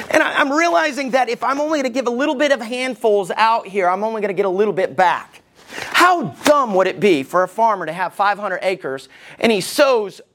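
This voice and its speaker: A man's voice: high voice, a bit bright. Male pastor preaching, chatty and sarcastic, keeps asking the room if they follow him. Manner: conversational, joking, checks in with the congregation. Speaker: lead pastor. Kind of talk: sermon.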